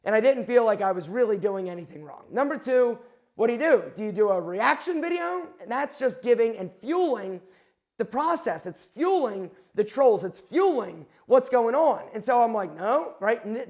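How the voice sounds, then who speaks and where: A man hosting his own channel, telling a candid story to camera and often quoting himself and others as he rambles and corrects himself. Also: extremely high pitch. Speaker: channel host.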